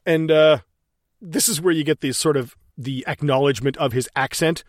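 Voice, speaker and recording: A man's voice: a little high, normal speed, slight background noise. A man co-hosting a casual movie commentary, swearing freely, laughing and acting out scenes as he talks. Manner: profane, animated, laughing storyteller. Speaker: podcast co-host reviewing a movie.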